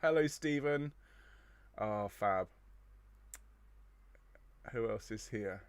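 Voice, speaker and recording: A man's voice: on the low side, animated, extremely slow, clear, resonant tone, no room sound. A middle-aged man leading an online choir rehearsal from his home studio, chatting and greeting viewers by name. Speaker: choir director. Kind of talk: livestream rehearsal chat.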